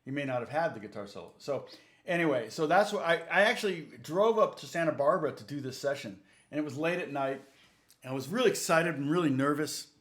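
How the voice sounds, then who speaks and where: A man's voice: a little high, lively intonation, fast, fairly bright tone, echoey room. A man, a guitar teacher telling a rambling story in casual livestream chat and acting out both sides of a conversation.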